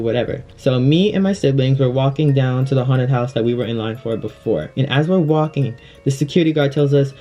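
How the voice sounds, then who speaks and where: Young man, mellow voice, casual storytime, chatty, dull lo-fi audio. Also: mid-range voice, a little fast, faint music behind. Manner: chatty, filler-heavy, animated retelling. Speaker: vlogger.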